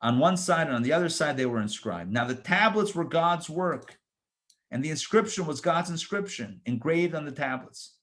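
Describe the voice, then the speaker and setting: Man, rabbi, higher-pitched voice, Torah lesson, reads verses then chats about them, emphatic questions. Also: normal speed. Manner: reads scripture verses aloud, then explains them in casual asides; lively, emphatic rhetorical questions.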